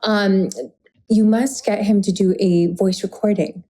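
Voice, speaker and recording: A woman co-hosting a podcast, gushing and reacting in a lively, casual chat. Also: mid-range voice, unhurried, poor audio. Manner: animated and gushing. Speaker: podcast co-host.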